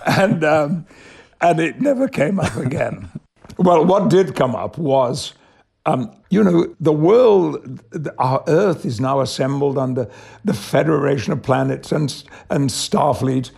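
An older man from Yorkshire, an actor telling stories in an interview in a measured, articulate way with chuckles. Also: fairly high pitch, creaky, a little mellow, husky. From England, Yorkshire. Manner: measured, articulate, laughs through anecdotes. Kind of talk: reflective storytelling.

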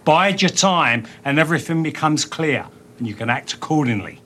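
Film role: tough Cockney ex-con, cool menace, slangy, slightly raised pitch. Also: male voice, animated, a bit bright, a little hiss or hum. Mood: coolly menacing. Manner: street-tough, slangy, deliberate. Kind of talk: film acting.

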